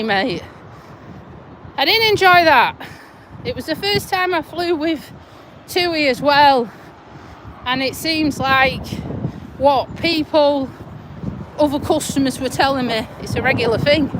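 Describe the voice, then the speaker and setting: A middle-aged woman talks in a high, unhurried voice while walking outside. She rambles in a chatty, self-mocking way, swearing casually and chuckling. The phone recording is full of wind and passing traffic. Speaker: vlogger. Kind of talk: casual live-stream chat while walking. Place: outdoors on a windy walk near roads. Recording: wind and traffic noise outdoors.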